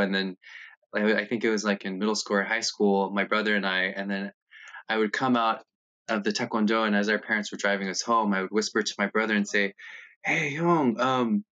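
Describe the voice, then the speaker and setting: Candid man with a bright, forceful voice. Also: lowish voice. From United States. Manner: candid, halting, animated when retelling scenes. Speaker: interviewee, congressional candidate. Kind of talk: personal storytelling in an interview. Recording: dull, lo-fi sound.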